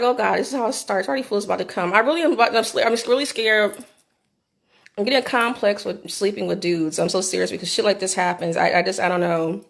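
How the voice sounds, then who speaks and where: A middle-aged woman telling a candid personal story into her phone for a vlog, animated and swearing freely. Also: medium pitch, fast talker, vocal fry. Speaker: vlogger.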